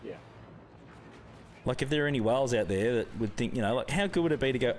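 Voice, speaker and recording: A man's voice: medium pitch, lively intonation, fast, slight background noise. A young Australian man hosting a live gaming stream, chatting casually with viewers, greeting them by name and laughing often.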